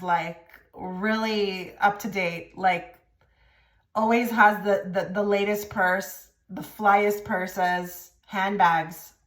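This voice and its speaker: A woman giving a casual tarot reading to camera, direct and blunt, with many filler likes. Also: medium pitch. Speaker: tarot reader. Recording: echoey room.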